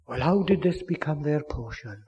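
A man preaching a sermon with earnest pleading, swinging from loud declarations down to hushed near-whispers. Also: on the high side, animated, normal speed, slightly rough, dull audio.

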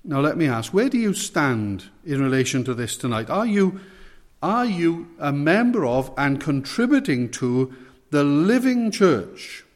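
A male preacher delivers an evening sermon at a slow, deliberate pace. He presses his listeners with direct, earnest questions. His voice rings out with a long hall reverb. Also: a little high, big pitch swings.

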